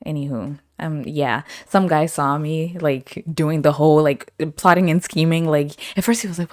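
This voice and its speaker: A woman's voice: sits low, unhurried, no room sound, clean studio sound. A young woman hosting a podcast, telling casual stories with frequent laughter and acting out what other people said. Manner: animated, laughs often, acts out quoted voices. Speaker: podcast host. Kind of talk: casual storytelling.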